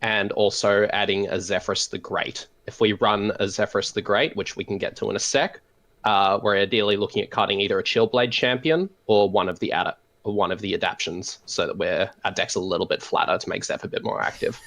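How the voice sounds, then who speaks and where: An Australian man on a voice call, calmly explaining a card game in a measured way, with frequent "um" pauses. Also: on the low side. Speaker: guest deck expert. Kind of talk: casual explanatory chat over voice call.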